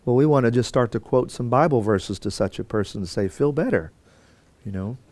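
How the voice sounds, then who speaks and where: A man's voice: mid-range voice, fast talker, darkish tone, no echo. A man teaching a Bible course in a conversational lecture style, with fillers and restarts and quotes acted out. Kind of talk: classroom lecture.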